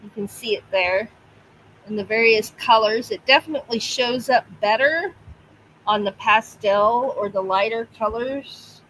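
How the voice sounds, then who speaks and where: Slow-talking chatty woman at home. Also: on the high side, a bit bright, a little hiss or hum, low-quality recording. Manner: chatty, talks to her pets and reads viewer comments. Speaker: livestream host. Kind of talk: casual livestream chat.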